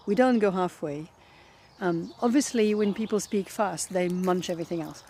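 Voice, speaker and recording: Woman, French accent, native French speaker, middle-aged, French teacher, reflective vlog, thoughtful, pauses to find words, soft outdoor nature sounds behind. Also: on the low side, slight background noise. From France.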